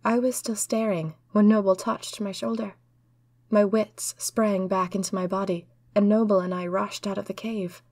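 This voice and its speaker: A woman narrating a first-person diary adventure with earnest, lively delivery. Her voice sits at a middle pitch for a woman. She is recorded close and dry, with no room sound. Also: moderate pace, no room sound. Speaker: storyteller.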